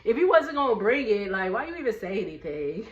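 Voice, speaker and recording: A woman casually recapping a reality TV episode, gossipy and quick to laugh, acting out what the cast said. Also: mid-range voice, highs cut off. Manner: gossipy, laughs often, quotes cast members in lively voices. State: drowsy, winding down for bed. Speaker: recap vlogger.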